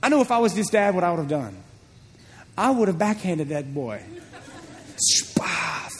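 A man preaching a sermon, telling a story in an animated way and often repeating his words. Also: high-pitched, fairly quick. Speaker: pastor. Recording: long hall reverb.

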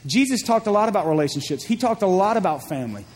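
A man with a high voice preaches a sermon in a church, retelling a story with animated energy and frequent repetitions. His voice rings out with a long hall reverb behind it. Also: fast. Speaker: pastor.

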